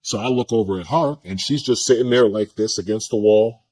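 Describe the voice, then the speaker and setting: A man with a low, husky voice tells a personal story in an interview. He speaks bluntly and casually, with slang and restarts. His voice has a breathy, rough edge. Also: brisk, a little mellow, low-quality recording. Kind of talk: candid recounting in an interview.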